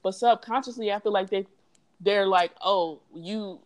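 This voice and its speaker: A woman's voice: mid-range voice, fairly even intonation, normal speed, darkish tone. A woman in casual group chat as a podcast co-host, talking in a slangy, profane, emphatic way.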